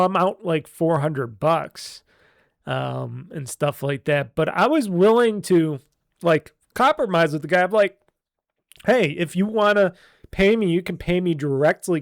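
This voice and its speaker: A man's voice: high voice, dry recording, clean studio sound. A man hosting a podcast, telling a long rambling story and acting out what others said in a raised voice. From Buffalo, New York. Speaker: podcast host. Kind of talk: casual monologue.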